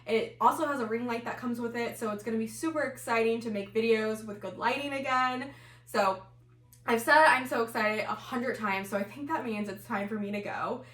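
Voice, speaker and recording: A woman's voice: fairly high pitch, normal speed, a bit bright. A woman chatting to camera about her houseplants, talking casually with lots of fillers and sounding a bit winded. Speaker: plant and knitting vlogger. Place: home room. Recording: roomy echo, mic at a distance.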